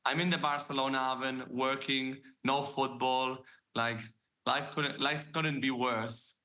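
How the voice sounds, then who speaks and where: A man's voice: mid-range voice, level tone, unhurried, bright, forceful tone. A man with a Catalan accent hosting a podcast and joking with his guests. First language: Spanish. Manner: upbeat, jokey. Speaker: podcast host.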